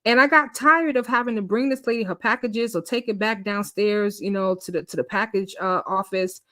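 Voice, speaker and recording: A woman telling a personal story in casual chat, animated, acting out quotes and laughing often. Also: medium pitch, normal speed, dry recording, studio quality. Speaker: storytime host.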